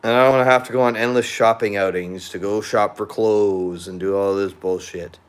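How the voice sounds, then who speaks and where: A man's voice: fairly low pitch, steady tone, moderate pace, smooth. Young male vlogger, casual venting monologue, rambling, swears freely, beer in hand. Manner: blunt and profane, rambling; drinking beer while chatting.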